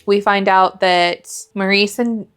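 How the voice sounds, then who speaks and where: A woman co-hosting a podcast, casually retelling a book's plot in a chatty way, with quick quoted lines and some swearing. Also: mid-range voice, steady tone, fairly bright tone, clean tone. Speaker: podcast co-host. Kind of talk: casual book discussion.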